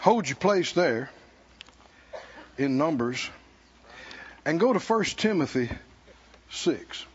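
A male preacher delivering a sermon in a high voice, speaking slowly and deliberately. His delivery is emphatic, with bursts of shouting and calls to the congregation. The recording sounds dull and lo-fi. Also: big pitch swings, husky. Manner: emphatic, shouting at peaks, laughing, call-and-response.

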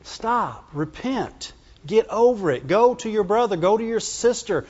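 Male preacher, high voice, chatty sermon style, dull recording, long church reverb. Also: moderate pace. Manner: conversational, asks the congregation questions, animated pitch jumps.

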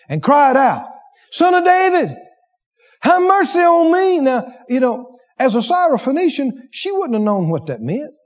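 A man preaching a sermon, animated, acting out inner voices and laughing as he preaches. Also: sits high, highs cut off.

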